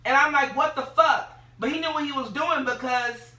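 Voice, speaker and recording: A high, bright voice grumbles from off camera, swearing at being left in the dark. It sounds distant and roomy, well away from the mic. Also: moderate pace. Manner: profane, grumbling complaints. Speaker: partner chiming in off camera.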